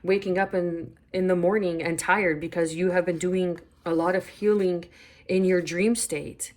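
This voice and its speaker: A woman giving a spiritual tarot reading, unhurried and reflective, repeating phrases as she pulls cards. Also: lowish voice, steady tone, a little mellow. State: hiccuping. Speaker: tarot reader.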